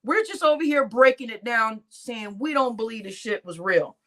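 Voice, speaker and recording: A woman's voice: a little high, lively intonation, moderate pace, a bit bright. A woman hosting a live stream, laughing often and talking to her chat in crude slang. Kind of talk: casual live-stream commentary.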